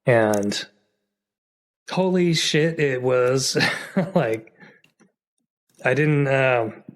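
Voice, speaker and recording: A man's voice: mid-range voice, animated, extremely slow. A man co-hosting a podcast in casual chat, jokey and rambling with lots of fillers. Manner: chatty and jokey, with frequent fillers and restarts. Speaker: podcast co-host.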